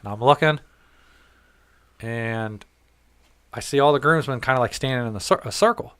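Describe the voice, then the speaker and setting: Here a male podcast host with a medium-pitched voice talks at normal speed, smooth and without echo. Chatting casually through a story, he curses plenty and voices other people's words in an animated way.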